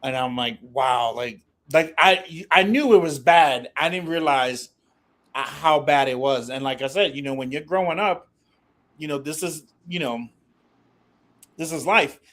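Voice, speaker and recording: Halting, reflective man. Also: on the high side, fairly bright tone. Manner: halting, many restarts, reflective. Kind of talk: casual reflective chat.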